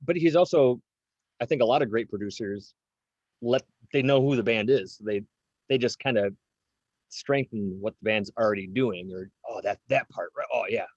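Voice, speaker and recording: A man's voice: medium pitch, normal speed, a little mellow, no room sound, highs cut off. A man in his forties, a drummer interviewed as a guest, talking casually with lots of fillers and restarts. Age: 40s. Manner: rambling, many fillers and restarts.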